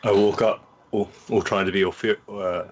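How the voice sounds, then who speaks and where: A man casually playing a tabletop game, easygoing and relaxed in his talk. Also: fairly low pitch, normal speed, a little hiss or hum. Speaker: player. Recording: dull lo-fi mic.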